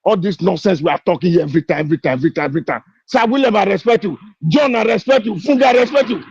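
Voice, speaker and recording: A man with a Nigerian English accent, joining an online discussion, makes a fiery, impassioned speech packed with repeated rhetorical questions. He speaks very fast and animatedly in a high, husky, slightly mellow voice, on a dry recording of dull lo-fi call audio.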